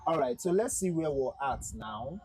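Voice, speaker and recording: Husky young man livestreaming a flight sim. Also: fairly high pitch, animated, normal speed, darkish tone, no room sound, rough recording. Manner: chatty, repeats himself, talks to chat. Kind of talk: casual livestream commentary.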